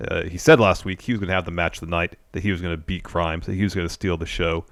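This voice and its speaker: A man's voice: deep voice, fairly even intonation, fast, vocal fry, a bit bright, dry recording, studio quality. A man co-hosting a casual podcast, steadily recapping events and reading out quotes. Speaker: co-host.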